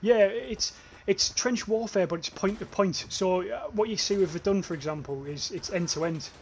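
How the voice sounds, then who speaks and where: A man's voice: high-pitched, moderate pace, a little hiss or hum. A young man with a northeast English accent, streaming gameplay live and chatting casually with his viewers, often swearing and restarting his phrases. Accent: northeast English, near North Yorkshire. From northeast England. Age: young adult. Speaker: gaming livestreamer.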